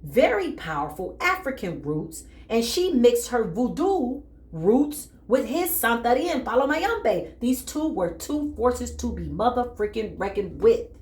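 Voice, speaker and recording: A woman's voice: on the high side, sing-song, measured pace, hardly any pauses, a little mellow. Dramatic tarot-reading woman, echoey room. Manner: dramatic, emphatic, addresses viewers as y'all. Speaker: tarot reader. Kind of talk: spiritual tarot reading to viewers.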